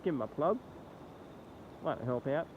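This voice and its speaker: A man's voice: mid-range voice, lively intonation. A man with an Australian accent and a nasal, congested voice, rambling through a casual phone vlog outdoors beside a flooded road. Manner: rambling, halting commentary. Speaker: vlogger. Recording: tinny, lo-fi phone audio with faint noise.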